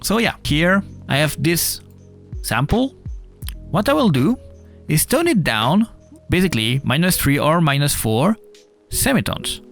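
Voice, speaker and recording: A man's voice: on the high side, big pitch swings, unhurried, long pauses, fairly bright tone. A man with a non-native English accent, casually explaining a music production tutorial over a desktop mic, with filler uhs. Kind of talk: screen-recorded software tutorial. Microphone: desktop USB mic.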